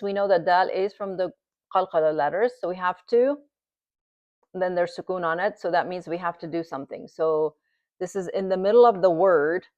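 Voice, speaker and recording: A woman's voice: fairly low pitch, a little mellow, no room sound, highs cut off. A woman teaching recitation at a board, explaining patiently and demonstrating each sound several times.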